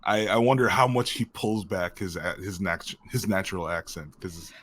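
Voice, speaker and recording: Deep-voiced, chatty actor, laughing often. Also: male voice, fairly even intonation, normal speed, fairly bright tone. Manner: rambling, many fillers, laughs often. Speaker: actor guest. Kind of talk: casual interview chat.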